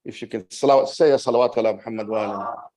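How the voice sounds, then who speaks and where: A man giving a religious sermon to a gathering. He speaks in a slow, emphatic way, rises to forceful peaks and keeps checking in with his listeners with "right?". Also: mid-range voice, fairly even intonation. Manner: rhetorical, keeps asking "right?" to the audience. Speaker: majlis speaker.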